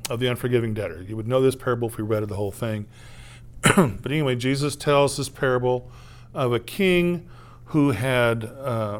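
A man preaching a sermon in an easygoing, conversational way. His voice sits at a middle pitch. He acts out the people in the story he is telling and keeps turning to his listeners with little tag questions. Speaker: pastor.

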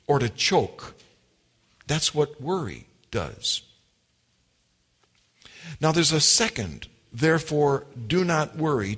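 Male preacher, slightly high voice, unhurried emphatic delivery, long hall reverb. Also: fairly bright tone. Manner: slow, deliberate preaching with emphatic repetitions. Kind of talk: sermon.

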